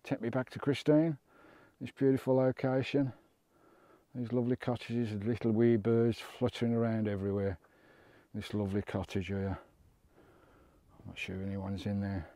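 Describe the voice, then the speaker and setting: A man's voice: fairly low pitch, little pitch movement, normal speed, dark tone, no room sound. A British man on a coastal walk, talking to the camera in a chatty vlog, often exclaiming at the views and a bit out of breath. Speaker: vlogger. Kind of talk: walking travel vlog commentary. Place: outdoors on a coast.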